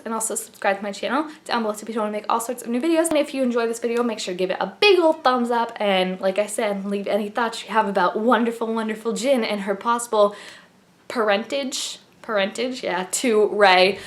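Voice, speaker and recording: Gushing, chatty young woman vlogger. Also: medium pitch. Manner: chatty and gushing, many fillers and laughs. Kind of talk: casual trailer reaction vlog.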